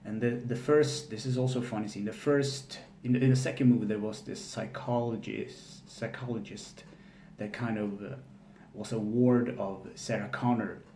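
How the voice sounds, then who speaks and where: Speaking on the low side, a film recapper talks through a movie casually, but haltingly and flatly, stopping and starting with many fillers and restarts. Faint room hum and ambience fill the echoey space around him.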